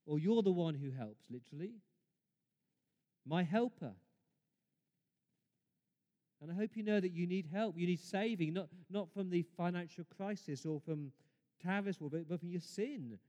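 A man preaching a sermon in a church, emphatic, rising to loud exclamations and dropping to quiet asides. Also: high voice, a little slow, long pauses, lo-fi sound. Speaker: pastor. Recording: long reverb of a church hall.

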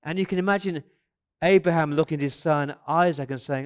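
A man in his fifties with a slightly higher voice for a man delivers a sermon as a pastor. He preaches conversationally, with quick asides and the odd restart. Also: clear, resonant tone. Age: 50s.

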